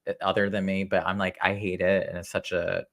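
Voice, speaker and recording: A man's voice: low voice, flat delivery, a little fast, fairly bright tone. A man in his thirties co-hosting a casual podcast, rambling with lots of fillers about his worries. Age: 30s. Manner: rambling, filler-heavy, confessional. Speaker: co-host.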